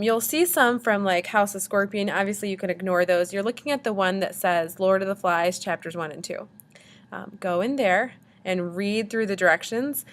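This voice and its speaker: A woman's voice: medium pitch, fairly bright tone. A woman teacher giving casual recorded instructions to her class, in a chatty, friendly way with frequent ums. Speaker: language arts teacher.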